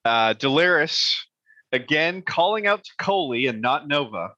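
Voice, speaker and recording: A man's voice: a little high, lively intonation, a little slow, pushed and bright, no room sound. A man running a tabletop game as game master, easygoing, with frequent chuckles and "uh"s. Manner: easygoing, chuckles often, many "uh"s. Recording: dull lo-fi audio.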